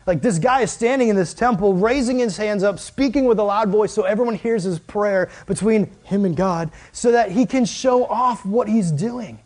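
A young male preacher with a notably high voice, telling stories in a relaxed, joking sermon. He is animated throughout and acts out the people he describes. His delivery stays conversational rather than formal. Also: normal speed, hardly any pauses. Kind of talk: casual storytelling sermon.

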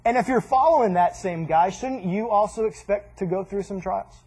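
A man gives a casual, conversational sermon in a fairly high voice. His tone is husky, and he jokes along the way and acts out what people say. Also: moderate pace, darkish tone. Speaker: pastor.

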